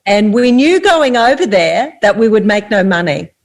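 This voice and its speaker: A woman's voice: medium pitch, big pitch swings, moderate pace. An older woman, a guest author telling a story steadily in an interview.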